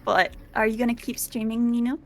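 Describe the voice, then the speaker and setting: A woman's voice: flat delivery, a little fast. A woman streamer chatting casually with friends, bubbly and giggly. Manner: bubbly, giggly, bouncing pitch. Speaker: guest streamer. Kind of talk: casual chat between gamer friends.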